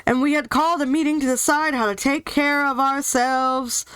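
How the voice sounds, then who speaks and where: A woman's voice: sits high, fairly even intonation, moderate pace, fairly bright tone, no room sound, pitched above the performer's own voice. A woman reading aloud, voicing a grave tiger who leads the forest beasts. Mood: solemn.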